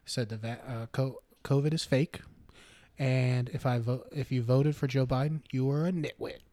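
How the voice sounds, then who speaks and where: A man on a casual comedy podcast who tells rambling stories and throws in deadpan absurd jokes. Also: medium pitch, moderate pace, no room sound.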